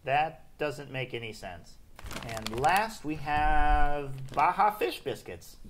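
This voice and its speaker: A man co-hosting a scripted comedy unboxing, talking in an exasperated, deadpan way. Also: fairly high pitch, slow. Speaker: dog owner, co-host. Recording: noisy home recording.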